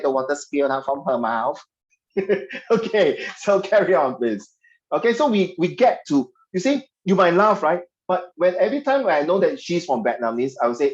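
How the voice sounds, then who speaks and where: Singaporean guy teaching english online, chatty, cracks jokes, slangy, muffled low-fi audio. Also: sing-song, moderate pace. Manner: chatty, joking, mixes local slang. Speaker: English tutor. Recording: dull lo-fi audio.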